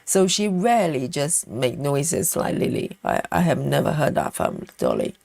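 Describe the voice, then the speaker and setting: A woman's voice: sits low, huge pitch swings, moderate pace, creaky, a little mellow, no room sound. A woman hosting a live stream in casual, chatty talk, reading out and answering viewer comments with frequent laughs.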